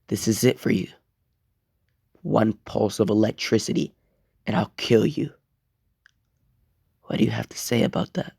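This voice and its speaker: A man voicing a vengeful teenage boy hero gone dark, speaking in a cold, threatening way in a fan story. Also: fairly low pitch, unhurried, creaky, pauses often, breathy edge, dry recording, studio quality, exaggerated voice. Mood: menacing.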